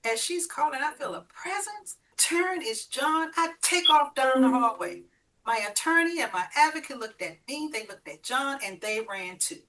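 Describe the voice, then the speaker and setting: A woman's voice: sits high, expressive, moderate pace, pushed and bright, far from the mic, low-quality recording. A woman guest telling her own story, vividly playing out the voices in it. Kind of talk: personal storytelling.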